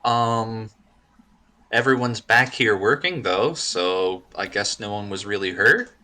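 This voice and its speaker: A man playing in a tabletop game, speaking politely in a measured, hesitant way. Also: on the low side, bright, forceful tone. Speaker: player.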